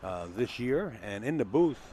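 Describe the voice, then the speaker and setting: A man's voice: medium pitch, very animated, moderate pace, warm tone, a little hiss or hum. A man commentating live on a pool match from a booth, chatty and teasing, explaining the shots as they happen. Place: booth at a pool hall tournament.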